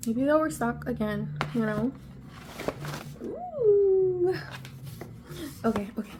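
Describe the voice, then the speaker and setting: A woman vlogger unboxing on camera, excitable and gushing, gasping often and sometimes dropping to a breathy whisper. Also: on the high side, fast talker, music in the background. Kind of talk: casual unboxing vlog.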